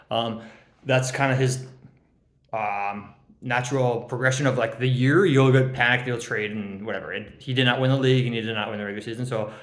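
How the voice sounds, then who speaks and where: A man's voice: mid-range voice, echoey room. A young man roasting his fantasy league friends as he hands out draft grades, teasing and rambling, with lots of ums and laughs at his own jokes. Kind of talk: joking casual roast.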